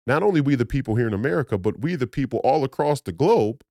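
A man's voice: mid-range voice, expressive, quick pace, dark tone, no room sound, studio quality. A man from Minnesota hosting a podcast, delivering an emphatic, preachy political monologue with many restarts and repeated phrases. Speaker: podcast host.

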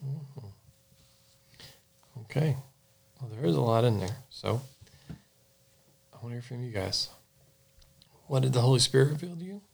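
A man leading a morning Bible study, his voice gravelly and a little husky. He draws the group out with short prompts and open questions. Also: medium pitch, lively intonation, unhurried, pauses often.

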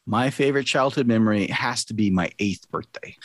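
A man's voice: lowish voice, fairly quick, hardly any pauses, no room sound. A middle-aged man, a podcast host, chatting casually and telling an earnest story.

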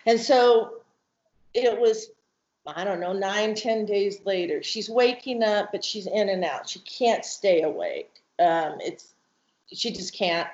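A woman's voice: mid-range voice, slow pace, darkish tone. A woman, a mother, tells an emotional personal testimony, acting out the voices she quotes. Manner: vivid retelling that acts out quoted voices, with restarts. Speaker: guest, mother telling her family's story. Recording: roomy, dull lo-fi sound.

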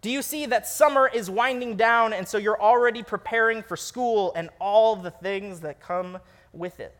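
A young man delivering a sermon in a high, light voice. He tells stories with animated energy and pokes fun at himself along the way. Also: moderate pace. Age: young adult. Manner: animated storytelling, laughs at himself. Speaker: preacher.

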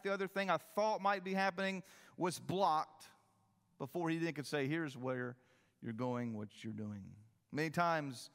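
A man's voice: a bit bright, long reverb tail. A man preaching a sermon as pastor, with emphatic delivery that rises and falls. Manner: emphatic preaching, rising and falling in pitch.

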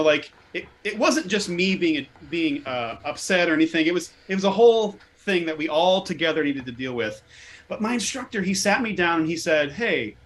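A man with a fairly high voice, chatting casually as a podcast host. He tells his story with a self-deprecating edge, tripping into quick restarts and stammers along the way. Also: fairly bright tone. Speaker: podcast host, former chaplain resident. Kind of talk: casual conversation.

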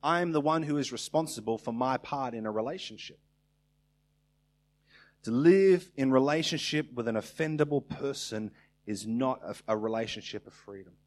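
A man's voice: mid-range voice, normal speed. A man preaching a sermon in a conversational way, now and then acting out little everyday exchanges.

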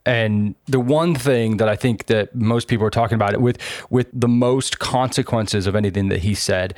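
A man hosting a casual political chat, animated, sarcastic and swearing freely, with lots of fillers. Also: on the low side, normal speed, dry recording.

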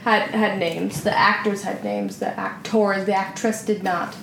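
A woman's voice: mid-range voice, fairly even intonation, unhurried, gravelly, a bit bright, reverberant, slight background noise. A woman guest on a podcast, chatting casually and playfully about a film.

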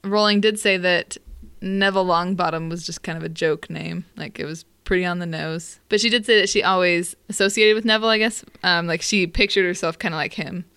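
A young adult woman co-hosting a podcast, chatting casually and explaining word origins slowly and carefully. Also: on the low side, steady tone, a bit bright, clean tone, no room sound. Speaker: podcast co-host. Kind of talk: casual chat.

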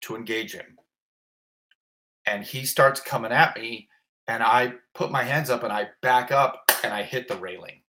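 A man telling a personal story in an interview, animated and emotional, gasping and exclaiming as he relives it, rambling with many restarts. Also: mid-range voice, unhurried. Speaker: interview guest.

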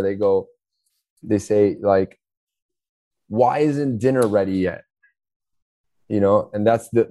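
A man's voice: on the low side, dark tone, dry recording. A man guest on a podcast, explaining ideas by acting out short dialogues, with many restarts. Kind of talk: casual interview talk.

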